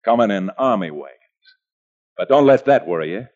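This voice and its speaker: An actor playing a calm, cocky outlaw gunslinger who talks in clipped, menacing lines, in a 1940s radio western. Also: male voice, lowish voice, brisk, close to an everyday voice. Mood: cool. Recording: dull old radio recording.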